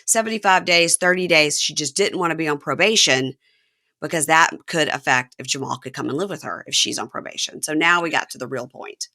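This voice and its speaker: A woman hosting a podcast, chatting casually and expressively as she recaps a reality show. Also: deep voice. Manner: animated, expressive, quick to act out scenes. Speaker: podcast host.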